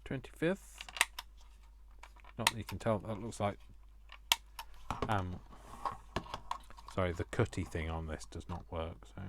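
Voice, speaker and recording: Guy rambling on while he makes stuff, teases himself, kinda low voice. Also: heavy background noise. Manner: self-mocking, jokey asides to viewers. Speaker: craft vlogger. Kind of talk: chatty crafting commentary.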